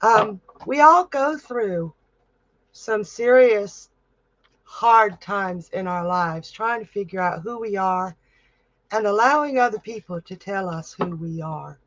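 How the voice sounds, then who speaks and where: A woman's voice: medium pitch, slow, no room sound, dull audio. A middle-aged woman hosting a live-stream psychic reading, talking in a heartfelt, chatty way with frequent laughs. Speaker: psychic medium host.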